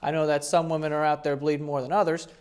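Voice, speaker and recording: Casting: high-pitched male comedy host, crude rambling riffs, laughs mid-sentence. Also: flat delivery, quick pace, a little mellow, clear, resonant tone. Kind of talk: comedic commentary on photos.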